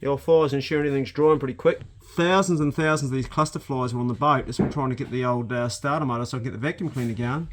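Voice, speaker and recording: A man's voice: mid-range voice, quick pace, few pauses, slight background noise. A man with a New Zealand accent chatting casually as he walks around his rural homestead, filming on a handheld camera. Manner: chatty, matter-of-fact, casual swearing. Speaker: vlogger. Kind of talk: casual narration while working outdoors.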